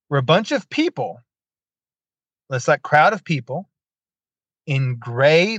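Male podcast host, casual storyteller who acts out quotes with sarcastic asides. Higher-pitched, lo-fi dry recording. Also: no room sound. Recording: dull lo-fi dry sound.

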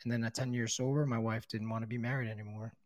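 A middle-aged man tells his own story with blunt honesty, swearing freely and leaning on casual fillers. His voice sits at an ordinary pitch. The recording is dry, with no room sound around him. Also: level tone, quick pace, no echo. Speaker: guest sharing his recovery story. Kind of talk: candid personal storytelling.

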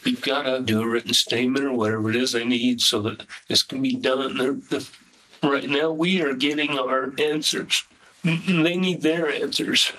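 A man's voice: mid-range voice, fairly even intonation, normal speed, bright, forceful tone, rough recording. A man, a father, urging his son in a repetitive, pleading way. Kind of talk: pleading conversation.

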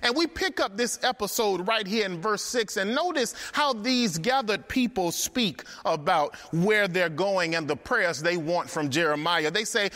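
A man's voice: sits high, expressive, measured pace, hardly any pauses, bright, forceful tone, big-room sound. A man preaching a sermon, emphatic and rhythmic, repeating phrases for effect.

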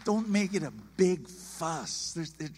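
A man preaching a sermon, emphatic and animated, acting out quoted voices. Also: on the high side, takes it slowly, big-room sound.

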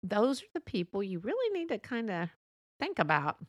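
A woman's voice: medium pitch, huge pitch swings, normal speed, no echo, clean studio sound. A woman vlogger talking casually to camera, chatty and laughing often as she acts out what friends say. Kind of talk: casual monologue.

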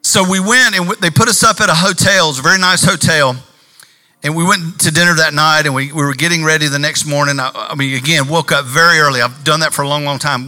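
A man preaching a sermon as pastor, animated, swinging between loud bursts and slow, quiet stretches. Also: fairly high pitch. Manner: animated preacher, shifting volume and pace.

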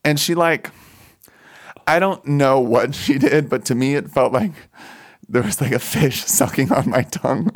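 A man telling a personal story in casual chat, animated, laughing often and full of fillers. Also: mid-range voice, unhurried.

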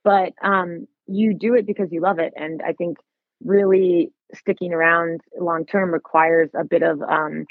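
A woman's voice: lowish voice, fairly even intonation, a little slow, no echo. A woman photographer guest in a casual podcast interview, rambling, correcting herself and laughing as she talks, in a lodge bar booth. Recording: tinny, phone-like dry sound.

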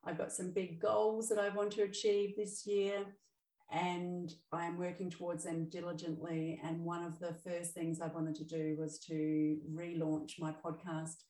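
A woman's voice: fairly low pitch, level tone, unhurried, warm tone, reverberant, far from the mic, poor audio. A middle-aged woman hosting her own podcast as an emotional balance coach, talking in a chatty, upbeat way with fillers and self-corrections. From Australia. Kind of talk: solo podcast monologue.

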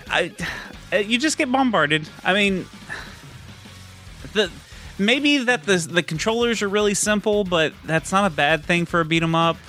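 A man's voice: high voice, sharp tone. A man co-hosting a casual podcast, rambling and swearing with lots of fillers. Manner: rambling, profane, with frequent fillers and laughs. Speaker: podcast co-host.

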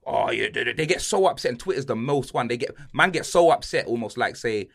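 A man's voice: mid-range voice, expressive, brisk, a bit bright. A young man, rambling animatedly in slang-heavy football banter. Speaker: podcast co-host.

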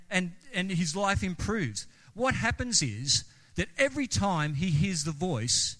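A man's voice: fairly high pitch, fairly bright tone. A man preaching a sermon as a pastor, talking conversationally and asking the congregation questions. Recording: long reverb of a large hall.

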